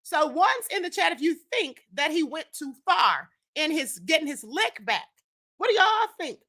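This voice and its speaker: A woman's voice: high voice, sing-song, moderate pace, bright, forceful tone. A woman hosting a live stream, reading viewers' chat comments and chatting casually in a sassy tone, often calling her listeners "honey" and "child.".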